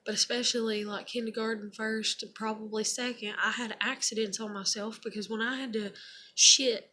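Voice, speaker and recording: A woman's voice: on the high side, little pitch movement, fairly quick, pushed and bright, a little hiss or hum. A young woman casually telling a personal story, rambling and blunt, with lots of fillers and casual swearing. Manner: rambling, heavy on fillers like "like" and "you know". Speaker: vlogger.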